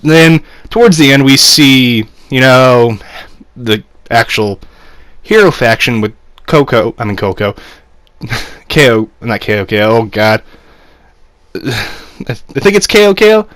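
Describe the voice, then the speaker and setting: A man's voice: medium pitch, expressive, a little slow, pauses often, a bit bright, dry recording. A young man casually reviewing an anime episode, rambling with fillers and frequent laughs.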